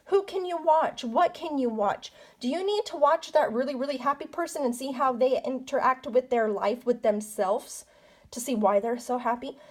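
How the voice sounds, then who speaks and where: A woman reads cards and talks the listener through each one in a chatty, coaching way. Her voice sits a little high, and she keeps tossing out rhetorical questions. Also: darkish tone. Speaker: tarot card reader. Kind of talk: casual spoken card reading.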